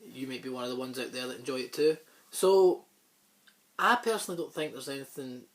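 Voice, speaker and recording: A man hosting a casual movie talk show, rambling and offhand, with a sore throat that keeps him clearing it and coughing. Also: mid-range voice, fairly quick. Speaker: host.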